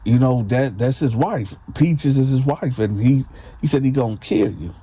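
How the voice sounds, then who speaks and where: A man's voice: mid-range voice, moderate pace, warm tone, husky, dull audio, natural voice. A man doing a fellow inmate passing on a warning. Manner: earnest, urgent, informal. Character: male inmate warning through a vent.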